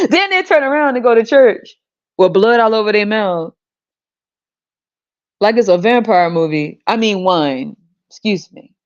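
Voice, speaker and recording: A podcast host delivers a casual monologue rant in a slightly high voice at a measured pace, leaving long pauses. She's animated and profane and laughs often. The recording sounds slightly dull.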